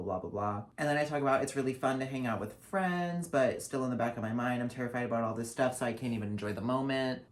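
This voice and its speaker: A young man, a drag performer, talking through his year in a casual vlog, sassy and profane, swinging between loud outbursts and low mutters. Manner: sassy, profane, dramatic asides.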